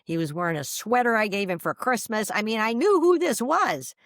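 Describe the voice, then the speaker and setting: A woman's voice: medium pitch, brisk, dry recording, clean studio sound. A middle-aged woman, a podcast guest, telling her own story animatedly with many fillers and restarts. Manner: expressive, many fillers and restarts, laughs mid-sentence.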